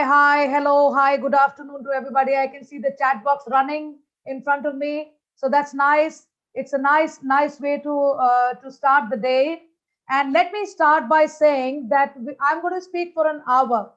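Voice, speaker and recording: A high-voiced woman speaker from India delivers a lively keynote, chatty and direct with her listeners. The sound comes through a slightly dull video-call line. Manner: energetic, chatty, addresses audience directly. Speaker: motivational speaker.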